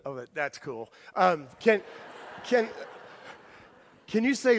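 Middle-aged pastor, relaxed and chatty sermon delivery, slightly raised pitch, live sanctuary reverb. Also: male voice, takes it slowly, slight background noise. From United States. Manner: conversational, playful, asks the congregation questions. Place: large church sanctuary. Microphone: handheld or stage mic. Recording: long hall reverb.

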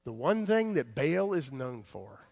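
A man preaching a sermon, retelling a story with animated swings between loud emphasis and soft asides. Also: medium pitch, a little slow, creaky, breathy edge.

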